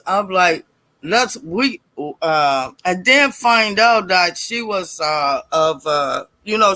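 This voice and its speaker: A middle-aged woman telling a personal story in a casual, animated way, acting out voices and laughing as she goes. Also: mid-range voice, no room sound. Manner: animated, acts out quoted voices, laughs often.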